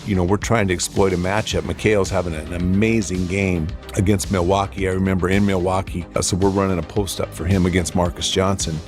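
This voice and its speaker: Brief: male former player, very deep, matter-of-fact anecdotes. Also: little pitch movement, fairly quick, hardly any pauses, over music. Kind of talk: storytelling in an interview.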